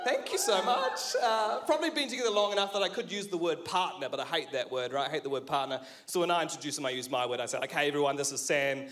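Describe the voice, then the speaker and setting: A man's voice: on the high side, lively intonation, quick pace, hardly any pauses, a bit bright. A man from New Zealand in his thirties with a New Zealand accent, doing a self-deprecating stand-up set on stage. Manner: wry, self-deprecating, laughing at his own lines. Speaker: stand-up comedian.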